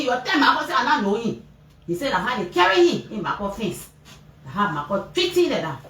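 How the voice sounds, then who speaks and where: A woman with a Liberian English accent, a mother telling reporters what happened to her son, animated and acting out what people said. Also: a little fast. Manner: animated storytelling, acting out shouted quotes, pitch leaping up and down. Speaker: mother giving a press interview. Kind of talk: emotional personal account to reporters. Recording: roomy, distant mic with faint background noise.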